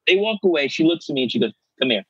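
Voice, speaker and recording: A middle-aged man, an actor guest, telling animated stories in casual chat and acting out the voices of people he quotes. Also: fairly high pitch, very fast, breathy edge, dry recording, lo-fi sound. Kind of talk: casual storytelling.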